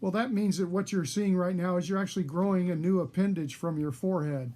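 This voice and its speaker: A man voicing a calm but excited doctor delivering strange news in a joke. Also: sits high, brisk, lightly acted. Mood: matter-of-fact. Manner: calm, clinical, enthusiastic. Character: excited, matter-of-fact male doctor.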